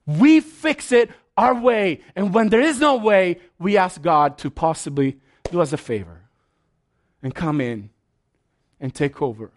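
A male pastor preaching with a high voice. He swings between quiet, conversational asides and loud, high-pitched outbursts. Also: lively intonation, measured pace. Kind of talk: sermon.

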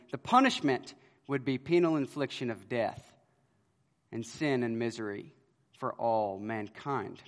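A man preaching an expository sermon with a slightly raised voice. He swings from emphatic, loud lines to hushed ones as he tells his stories. The sound carries a long church-hall reverb. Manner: storytelling, swings between loud emphasis and quiet low lines.

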